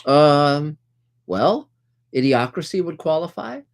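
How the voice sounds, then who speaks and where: A man's voice: on the high side, expressive, slow. A middle-aged man hosting a casual group video call, upbeat and chatty with lots of fillers. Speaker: host.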